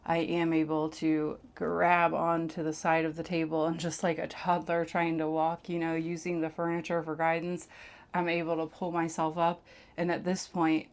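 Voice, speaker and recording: A woman candidly recounting a personal experience to camera, blunt and profane, sometimes dropping into a hush. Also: low voice. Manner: blunt and profane, drops into hushed tones. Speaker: vlogger sharing her past.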